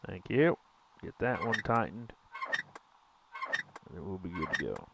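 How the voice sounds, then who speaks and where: Very animated and a little slow, this young man's low, creaky voice carries his casual gameplay commentary through a very noisy recording. As a gaming streamer, he chats with viewers, rambling, correcting himself, and letting out mild exclamations.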